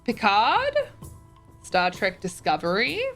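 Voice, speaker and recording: A woman's voice: medium pitch, wildly swooping pitch, takes it slowly, a bit bright, soft background music. A young woman streamer chatting casually as she reads and answers viewer messages, often giggling.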